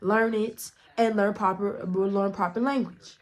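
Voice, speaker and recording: A woman's voice: medium pitch, steady tone, a little slow. A woman vlogger telling a storytime in a blunt, profane way, acting out the dialogue as she goes. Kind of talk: casual storytime narration.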